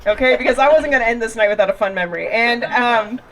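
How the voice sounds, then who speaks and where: A woman's voice: fairly high pitch, quick pace, fairly bright tone, slight background noise, rough recording. A young woman performing a stand-up set, telling a bawdy story with lots of giggling and rambling asides. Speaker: stand-up comedian. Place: outdoor backyard comedy show. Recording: live crowd laughter. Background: live crowd laughing.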